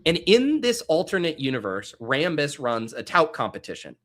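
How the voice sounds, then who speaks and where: A man from Denver hosts a podcast with an energetic, joking delivery. His voice is bright and forceful, and he reads the prompts briskly. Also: on the high side. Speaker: host. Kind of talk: casual podcast hosting.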